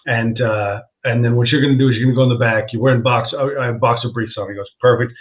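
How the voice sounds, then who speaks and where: A comedian guest tells a story in casual chat, his mid-range voice steady and quick, laughing as he goes and acting out what people said. The recording sounds like a tinny phone line.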